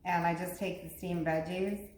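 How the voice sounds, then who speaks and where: A woman's voice: lowish voice, steady tone, moderate pace, darkish tone. A woman chatting affectionately while cooking, as co-host of a home cooking vlog. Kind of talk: casual chat while cooking. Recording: echoey room with clear background noise.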